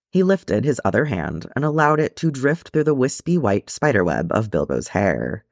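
A man narrates a storybook chapter in a calm, even way. His low voice has a gravelly edge, and his pitch moves a great deal. The recording is dry and close. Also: normal speed, hardly any pauses, no echo. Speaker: audiobook reader.

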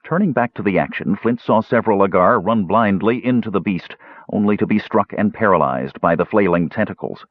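A man reading a fantasy audiobook with expressive storytelling, in a slightly dull recording. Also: on the low side, a little fast, no room sound. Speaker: audiobook narrator. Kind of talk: scripted audiobook narration.

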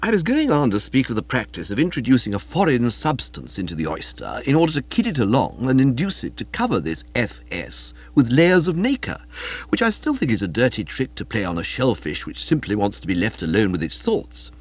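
Husky-voiced man narrating with lively pitch. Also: a little fast. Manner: lively first-person comic storytelling. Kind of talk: scripted audiobook narration. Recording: dull, muffled audio.

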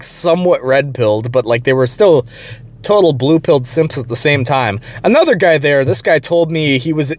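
Blunt, profane young man ranting. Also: fairly high pitch. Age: young adult. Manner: blunt, profane, rambling with restarts. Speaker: channel host. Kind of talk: casual storytelling rant.

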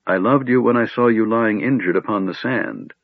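A man voicing a gentle, sorrowful young elf woman who speaks softly. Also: on the low side, moderate pace, vocal fry, no echo, narrow, tinny audio, pitched above the performer's own voice. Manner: soft, sad.

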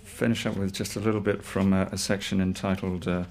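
A man's voice: deep voice, flat delivery, a little fast, a little mellow. A man guesting on a radio show, chatting and reading excerpts in a wry, amused, hesitant way. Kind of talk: casual chat and reading on radio.

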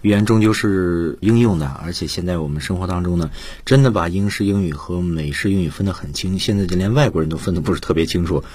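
Man, radio English teacher, explanatory, very low pitch, dry studio. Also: fast, hardly any pauses, darkish tone, breathy edge, no room sound. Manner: explanatory, switches between Chinese and English. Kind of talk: bilingual radio lesson.

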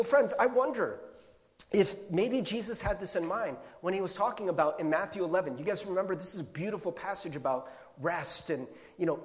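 High-voiced pastor preaching in a reverberant hall. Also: male voice. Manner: conversational, animated, acts out his own worried thoughts. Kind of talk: sermon.

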